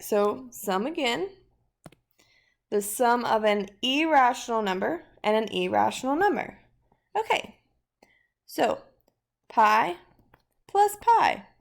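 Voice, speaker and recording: A woman teaches a math lesson in a relaxed, chatty way, working through examples out loud. Her voice sits a little high and carries a gravelly fry. Her tone stays upbeat as she explains. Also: a little slow, pauses often.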